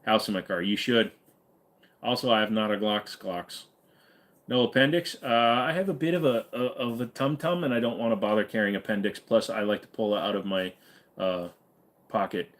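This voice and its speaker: A man's voice: on the low side, moderate pace. A man hosting a casual livestream, reading chat and rambling with jokes and fillers. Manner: rambling and joking, many fillers. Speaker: livestream host.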